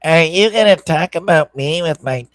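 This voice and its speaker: A man's voice: on the high side, normal speed, dry recording, voice pushed up, close to an everyday voice. A man putting on a nasal, whiny greedy voice. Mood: mocking. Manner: mocking, greedy chanting.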